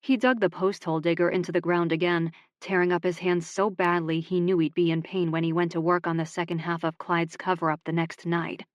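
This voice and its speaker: Low-voiced woman reading a romance. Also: no echo, muffled recording. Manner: steady, measured reading. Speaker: audiobook narrator. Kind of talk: scripted romance narration.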